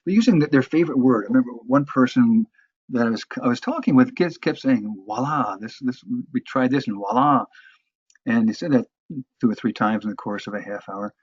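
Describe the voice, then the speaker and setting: A man lectures on phone sales in a halting way, restarting his sentences often. His voice is husky and mid-pitched. The recording is dull and dry, with no room sound. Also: animated, a little mellow, dry recording. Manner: halting, many restarts and fillers. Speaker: sales trainer.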